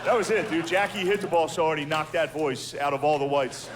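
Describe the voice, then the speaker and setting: A man's voice: a little high, flat delivery, brisk. A man doing a stand-up comedy routine, telling profane, self-deprecating stories. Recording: clear background noise.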